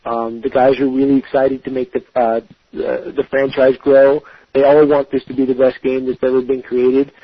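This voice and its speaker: A man's voice: medium pitch, flat delivery, normal speed, dry recording, dull audio. A man being interviewed as a game developer, talking casually with many fillers and restarts, choosing his words with care.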